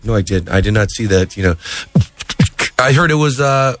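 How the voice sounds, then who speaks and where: A man being interviewed as a comedian, animated and quick to slip into impressions. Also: fairly low pitch, soft background music. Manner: animated, jumps into sung and shouted impressions. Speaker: comedian guest.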